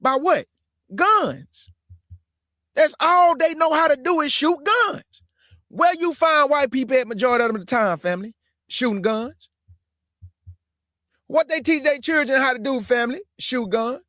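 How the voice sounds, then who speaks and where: A man's voice: extremely high pitch, normal speed, bright, forceful tone, no echo, clean studio sound. A man hosting his own stream, talking in a fiery, preachy way, repeating his points and calling his listeners family. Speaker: show host. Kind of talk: impassioned livestream commentary.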